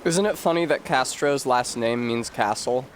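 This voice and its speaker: A man's voice: mid-range voice, normal speed, a little hiss or hum. A man streaming a video game in casual chat, rambling and joking while he answers his chat. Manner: rambling, jokey, talks back to chat.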